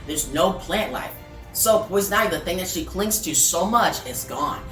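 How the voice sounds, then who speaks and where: A woman casually recaps a comic book and rambles along with fillers. Her voice is on the low side. She sounds distant in a roomy space, with faint music under her. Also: lively intonation, normal speed, fairly bright tone.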